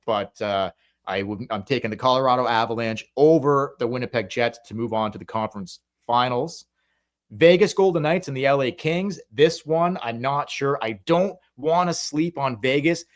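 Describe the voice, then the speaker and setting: Animated podcast co-host. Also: male voice, mid-range voice. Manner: animated, laughing predictions. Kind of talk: casual sports chat.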